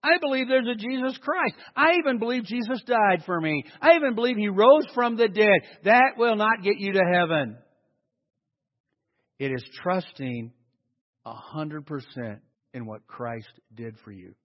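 A man preaching a sermon as a pastor, telling stories and swinging from loud acted-out quotes to hushed, slow emphasis. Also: high-pitched, lively intonation. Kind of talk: sermon storytelling. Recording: dull sound with long hall reverb.

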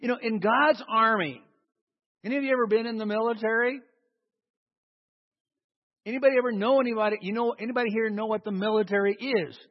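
A man's voice: high voice, fairly even intonation, brisk, long pauses. A man preaching a sermon to a congregation, emphatic and calling for responses. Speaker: pastor. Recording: dull sound in a long-reverb hall.

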